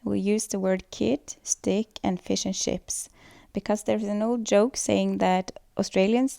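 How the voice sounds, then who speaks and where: A woman's voice: mid-range voice, steady tone, a little slow, gravelly, dark tone, no echo, studio quality. A woman giving a scripted student presentation on pronunciation, explaining steadily with occasional fillers. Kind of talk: school presentation voice-over.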